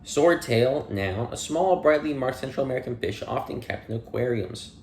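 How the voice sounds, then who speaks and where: A man's voice: medium pitch, expressive, moderate pace, vocal fry, a little mellow, echoey room, slight background noise. A man reading dictionary entries aloud one by one, with plain delivery, dry asides and small playful slips. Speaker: audiobook reader.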